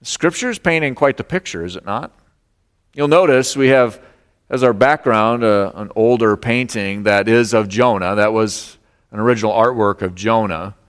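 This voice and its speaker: Pastor preaching in a reverberant hall. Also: male voice, on the low side, moderate pace, clean tone. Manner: expressive preaching, acts out voices of God and Jonah. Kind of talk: sermon.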